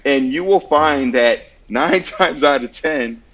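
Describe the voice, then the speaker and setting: A man's voice: medium pitch, slow pace, fairly bright tone. Earnest man giving advice, lo-fi. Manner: earnest, storytelling with acted-out examples. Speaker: podcast guest giving mental health advice. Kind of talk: conversational advice with anecdotes.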